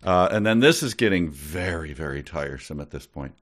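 Deep-voiced exasperated man. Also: a little fast, few pauses, fairly bright tone. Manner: exasperated, sardonic, laughing. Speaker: podcast co-host and writer. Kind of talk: comedic book-reading podcast chat.

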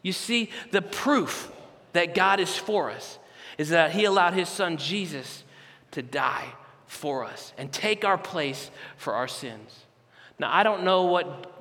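A man preaching a sermon as a campus pastor, telling a story with animated, conversational asides in a large church auditorium. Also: on the high side. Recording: reverberant large hall.

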